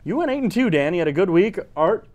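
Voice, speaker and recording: A man's voice: high voice, sing-song, quick pace, a little mellow. A man hosting a casual sports podcast, joking and teasing as he runs through game picks. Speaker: podcast host.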